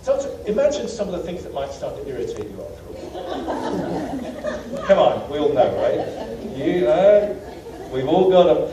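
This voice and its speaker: A man's voice: fairly high pitch, big pitch swings, normal speed, dull audio, over a noisy crowd. A British man giving a humorous travel lecture to a college audience, telling stories with a self-deprecating touch and lots of ums and uhs, recorded from far off in a lecture hall. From Britain. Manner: anecdotal, self-deprecating, many fillers. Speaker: guest lecturer. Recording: echoey hall from far off, faint hiss.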